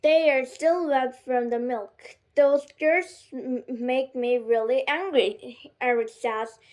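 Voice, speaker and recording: Woman reader, high voice, slow, careful storybook reading with frequent self-corrections. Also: darkish tone. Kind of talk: reading a graded storybook aloud.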